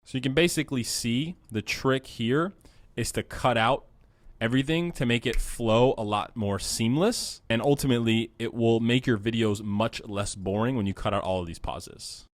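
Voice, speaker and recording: With a medium-pitched voice at normal speed, a young man leads a screen-recorded video editing lesson as the course instructor. He sounds casual and practical, fills gaps often, and speaks into a close mic on a dry recording.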